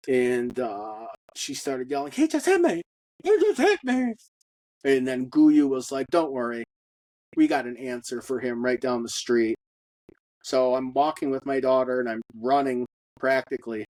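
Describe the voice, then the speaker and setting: A man giving a personal testimony in a halting monologue, with many fillers and blunt profanity. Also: mid-range voice, darkish tone, no echo, rough recording. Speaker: storyteller.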